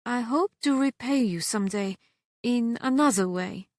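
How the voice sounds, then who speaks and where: A woman voicing a frail, grateful young French maid with a French accent, speaking softly and politely. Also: fairly high pitch, measured pace, no room sound, studio quality, pitched above the performer's own voice, lightly acted. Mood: timid. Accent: put-on French. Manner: soft, timid and polite.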